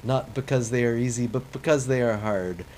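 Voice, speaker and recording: A man doing a rough impression of a male president delivering a stirring, oratorical speech, staying close to his own voice. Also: mid-range voice, moderate pace, darkish tone, slight background noise, close to an everyday voice, poor audio. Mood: declaiming. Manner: declaiming, oratorical.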